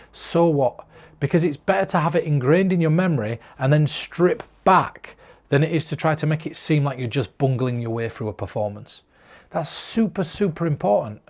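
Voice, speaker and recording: A mentalist from the north of England records himself on camera, talking directly to the viewer with earnest, encouraging performance advice. His voice is fairly high with a darkish tone.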